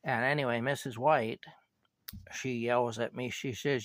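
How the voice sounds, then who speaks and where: A man's voice: medium pitch, fairly even intonation, a little slow, fairly bright tone, dry recording. An older man telling a personal story in a casual, rambling way, often saying "anyway" and "you know".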